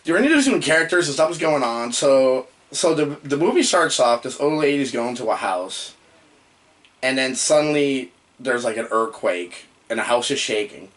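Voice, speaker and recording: Male horror host, lively swooping pitch, jokey and rambling. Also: normal speed. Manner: rambling, excitable, jokey, yelps and outbursts. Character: male demon posing as human host. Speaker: horror movie reviewer. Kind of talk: comedic in-character movie review.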